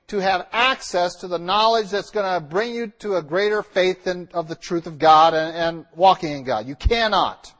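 A male preacher with a high voice delivers a sermon straight to the congregation. He talks directly and emphatically, slowing down and leaning hard on the words he wants to stick. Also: a bit bright. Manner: emphatic, repeats key lines with slow stressed words. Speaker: pastor.

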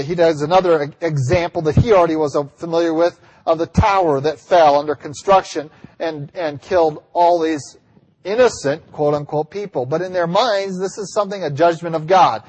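A man preaches a sermon from a church sanctuary, his voice sitting high for a man. He drives his points home with force and sometimes rises almost to a yell. A long reverb trails off each phrase. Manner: emphatic, rising to near-yells on key lines. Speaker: pastor.

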